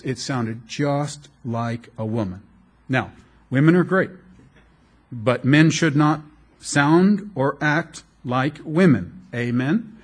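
A middle-aged man preaching a sermon as a pastor, animated and joking, with laughs along the way. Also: mid-range voice, husky.

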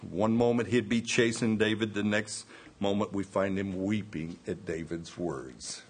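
A man's voice: lowish voice, lively intonation, unhurried, breathy edge. A man preaching a sermon, reading scripture aloud and explaining the verses in plain asides.

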